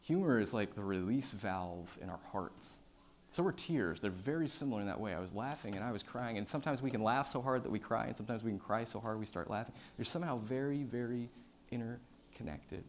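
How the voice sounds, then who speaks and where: A man with a somewhat low voice tells a personal story from a stage with slides. He swings between loud, excited bursts and hushed, quiet moments, often restarting his sentences. A faint hiss sits under his speech. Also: fairly quick. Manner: lots of fillers and repeated starts. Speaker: public speaker.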